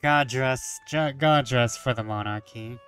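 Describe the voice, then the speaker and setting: A man's voice: mid-range voice, measured pace, a bit bright, soft background music. A man reading a story game aloud and adding wry, joking asides. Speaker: gamer.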